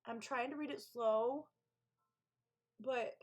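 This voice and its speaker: A woman's voice: mid-range voice, moderate pace. A woman author hosting a co-working live stream, chatting casually, gushing and talking back to her chat.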